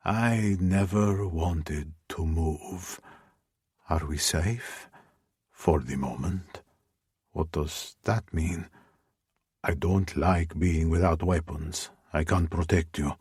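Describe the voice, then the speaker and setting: A man narrating a romance audiobook in first person, with measured, intimate storytelling. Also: deep voice, slightly rough, dry recording, clean studio sound.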